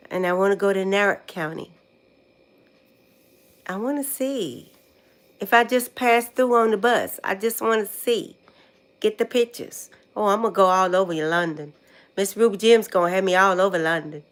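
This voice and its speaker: An older American woman on a casual livestream, talking in a relaxed, chatty way. She goes over words again and again as she recalls them, with a voice of ordinary middle pitch. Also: normal speed, long pauses. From United States. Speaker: vlogger.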